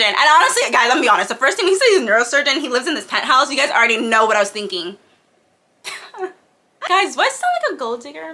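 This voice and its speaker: A young woman in her twenties chatting excitedly about books, filling her talk with "like" and breaking into sudden squeals. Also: on the high side. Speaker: book vlogger. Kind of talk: casual chat.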